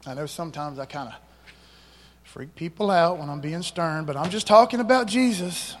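A man's voice: on the high side, normal speed, big-room sound, slight background noise. A man pastor preaching a sermon, emphatic, calling out to the congregation for responses.

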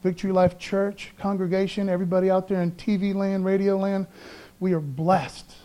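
A pastor preaches with fervent emphasis, rousing his congregation and slipping into casual, chatty asides. His voice sits high for a man. The delivery swings from loud calls to quiet, confiding lines. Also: flat delivery, moderate pace. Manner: conversational, peppers speech with "man". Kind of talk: Easter sermon.

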